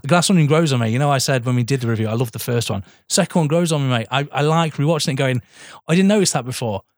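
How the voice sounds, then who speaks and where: A man's voice: mid-range voice, fast, dry recording, studio quality. A man co-hosting a podcast, chatting eagerly about films, swearing and calling his friend mate. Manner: enthusiastic, swears, keeps saying "mate". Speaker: podcast co-host. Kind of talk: casual film chat.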